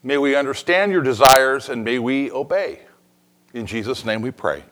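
A man's voice: medium pitch, normal speed, fairly bright tone, low-quality recording. A man preaching as pastor, talking to his congregation in a conversational, joking way and breaking into bits of song. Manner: conversational, jokey preaching with sung snippets. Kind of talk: sermon.

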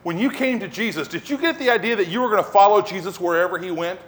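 A man preaching a sermon as pastor, telling the story in an animated way and acting out scenes. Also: high-pitched, quick pace.

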